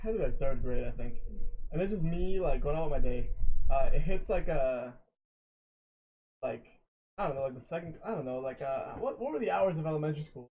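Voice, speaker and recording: A man's voice: a little high, animated, fairly quick, warm tone, rough recording. A young man telling rambling stories on a casual late-night podcast, swearing often. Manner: rambling storyteller, swears a lot. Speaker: guest.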